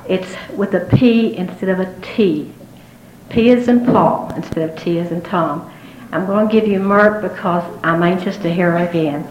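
A woman's voice: on the low side, normal speed, darkish tone, a little hiss or hum. A woman from West Virginia introducing a speaker at a meeting, chatty and homespun. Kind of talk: casual introduction. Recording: echoey, dull room sound.

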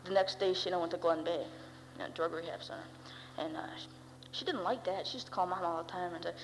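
A woman's voice: fairly low pitch, fast talker, hardly any pauses. A teenage girl sharing her recovery story in a rambling, wry way, with many fillers. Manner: rambling, wry, full of "you know" and "uh". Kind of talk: personal recovery testimony. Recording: long hall reverb with faint hum.

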